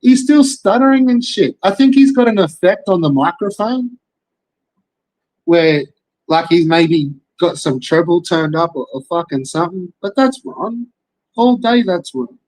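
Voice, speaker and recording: A young Australian man rants in a loose commentary, his voice sitting a little high for a man. He swears all the time and keeps circling back to rhetorical questions. The sound is dry and close, with no room around it. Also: expressive, unhurried, a little mellow, no room sound, low-quality recording. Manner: profane, rambling, rhetorical questions. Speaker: commentary streamer. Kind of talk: casual commentary rant.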